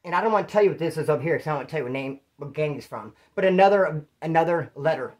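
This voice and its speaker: Racing along in an animated voice on the high side, a former prisoner from California responds to viewer questions. His storytelling is slangy and profane, and he acts out what people said.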